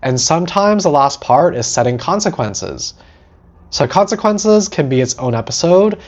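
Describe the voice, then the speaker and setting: A man hosting a teaching talk about setting boundaries, animated, acting out short quoted lines and often asking "right?". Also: fairly high pitch, moderate pace, lo-fi sound. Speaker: host.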